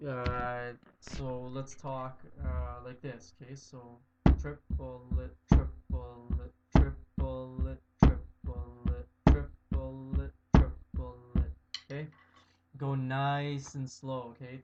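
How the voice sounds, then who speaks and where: A man teaching drum rudiments in a casual video lesson. He talks in a relaxed way, checks in with "okay?" again and again, and counts out loud as he plays. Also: mid-range voice, measured pace, loud music behind the voice. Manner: relaxed, repeats "okay?" often, counts aloud loudly while playing. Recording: dull lo-fi sound with faint noise.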